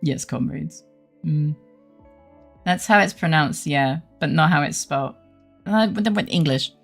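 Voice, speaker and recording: A woman's voice: sits low, unhurried, gravelly, faint music behind. A young adult woman streaming a game, chatting casually with her live chat; playful and giggly, and she swears freely.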